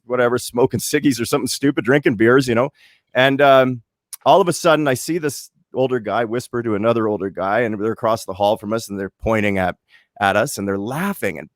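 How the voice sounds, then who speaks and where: Animated Canadian man telling a story. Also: medium pitch, no room sound, clean studio sound. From Winnipeg, Canada. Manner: animated storyteller, restarts and acts out voices. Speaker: podcast co-host. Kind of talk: storytelling in casual chat.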